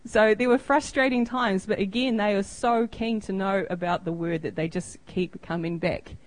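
Woman, 30s, New Zealand accent, relaxed self-deprecating presenter, dry recording. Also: mid-range voice, normal speed, dry recording, poor audio. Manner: chatty, self-deprecating, acts out quoted exchanges. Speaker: missionary giving a church report. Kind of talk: informal presentation with photos.

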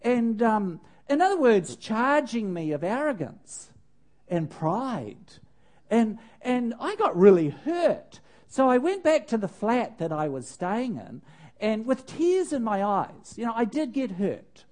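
An older man, a preacher, telling a personal story in a sermon with animated, self-mocking humor and laughing at himself. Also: high voice, takes it slowly.

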